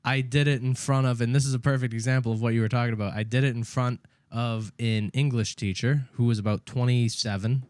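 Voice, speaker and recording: A young man hosting a podcast, telling a story in casual chat, animated and full of laughs. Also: medium pitch, brisk, few pauses, no echo. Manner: animated, laughing, acts out quotes. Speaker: podcast host.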